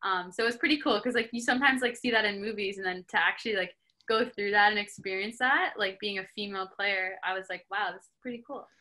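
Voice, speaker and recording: A woman's voice: mid-range voice, fast talker, sharp tone. A young woman from Canada, a hockey player and podcast guest, chatting casually with many filler words. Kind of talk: casual interview chat.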